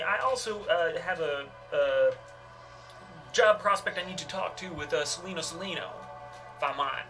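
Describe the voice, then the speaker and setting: A man playing a tabletop game, talking in character as a smooth, persuasive hustler with frequent fillers. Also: a little high, normal speed, sharp tone, soft background music. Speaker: player.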